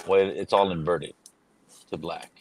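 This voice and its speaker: Deep-voiced, cussing podcast host. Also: male voice, steady tone, a little slow, a little hiss or hum. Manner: profane, laughs loudly, swears casually. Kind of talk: casual chat.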